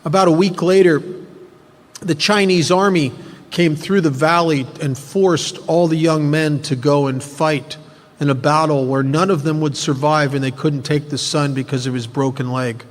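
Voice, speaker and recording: A man's voice: fairly high pitch, fairly even intonation, normal speed. A man speaking at a recovery workshop, telling a story earnestly to make a spiritual point. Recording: long hall reverb.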